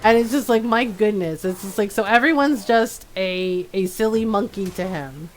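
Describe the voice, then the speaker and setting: A woman's voice: mid-range voice, normal speed, a little hiss or hum. A woman streaming a game, chatting casually with frequent laughs and mocking character impressions. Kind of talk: casual commentary while playing.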